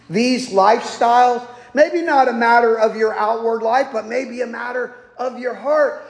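A male pastor delivers a sermon in a high, gravelly voice. He speaks slowly and conversationally, then swells into emphatic bursts. The sound carries the long, roomy reverb of a church hall. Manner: conversational preaching, rising to emphatic outbursts. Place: church sanctuary.

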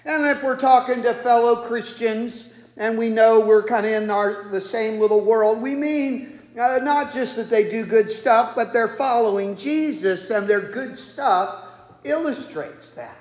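A man's voice: extremely high pitch, a little slow, a little mellow. A man preaching a sermon in a folksy, joking way, acting out the people he quotes. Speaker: pastor. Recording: echoey hall with long reverb.

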